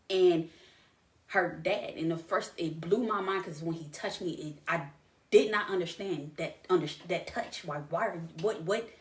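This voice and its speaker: A woman podcast host telling a painful personal story, halting and emotional, with many restarts. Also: on the low side, echoey room.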